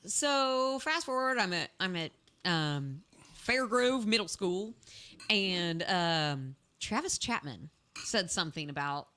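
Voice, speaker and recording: Lively, bright-voiced woman storyteller. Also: fairly low pitch, takes it slowly. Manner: rambling storyteller, laughs often. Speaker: podcast guest. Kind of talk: casual chat.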